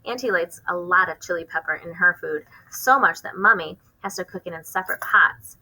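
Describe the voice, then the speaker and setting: A woman reading a children's novel aloud, expressive, with occasional stumbles and rereads. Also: lowish voice, a little fast, husky, low-quality recording. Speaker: reader hosting a book channel.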